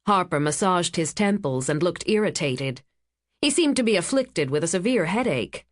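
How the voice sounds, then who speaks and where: A woman reading a thriller audiobook in a calm, steady narration. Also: fairly low pitch, normal speed, no room sound, studio quality. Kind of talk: scripted narration.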